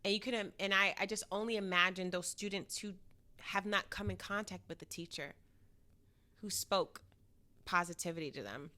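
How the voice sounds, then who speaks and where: Bright-toned emphatic woman podcast host. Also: mid-range voice, normal speed. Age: adult teacher, several years since first teaching. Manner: emphatic, encouraging, many affirming murmurs. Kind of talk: casual podcast conversation.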